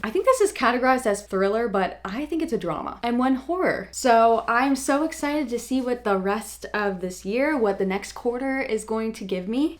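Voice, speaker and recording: Young female book vlogger, effusive and emotional, swears freely, mid-range voice. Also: mid-range voice. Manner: gushing and emotional, swears casually. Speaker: book reviewer. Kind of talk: casual reading wrap-up vlog.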